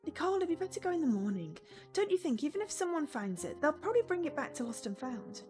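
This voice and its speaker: Woman voicing a timid, higher-pitched young roommate. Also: sing-song, fast, faint music behind. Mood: anxious. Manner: soft, higher and gentler than her narration. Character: timid caring young female college roommate. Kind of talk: reading a visual novel aloud.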